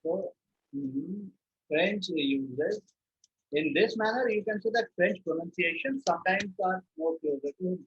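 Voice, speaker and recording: A man teaching a live online French lesson, patiently repeating words slowly for his students. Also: high-pitched, breathy edge, highs cut off.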